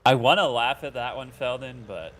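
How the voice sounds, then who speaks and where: A man's voice: mid-range voice, normal speed, fairly bright tone. A man co-commenting a live esports match, easygoing and teasing, chuckling as he talks.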